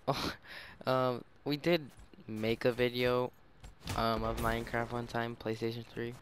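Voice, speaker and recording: Rambling young man over gunfire. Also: mid-range voice. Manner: rambling, self-mocking, many fillers. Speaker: gaming YouTuber. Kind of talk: casual gameplay commentary. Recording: game audio noise behind voice. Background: gunfire from the game.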